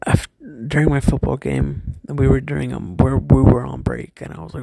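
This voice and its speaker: A young man telling a personal story from his school days, hesitant and halting, often stopping and restarting. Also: medium pitch, flat delivery, creaky, mellow, slightly rough, no room sound, studio quality.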